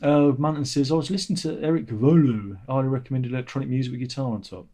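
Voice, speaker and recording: A man's voice: fast talker, dark tone. A middle-aged man, hosting a casual livestream chat in a sardonic, grumbling way. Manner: sardonic, grumbling, mocks commenters in a high whiny voice. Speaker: channel host.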